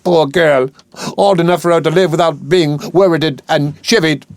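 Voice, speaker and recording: A man's voice: steady tone, normal speed, no room sound, natural voice. A man reading an audiobook, voicing a poor young flower girl, wailing and protesting in a raised voice. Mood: aggrieved. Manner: wailing, high-pitched protests.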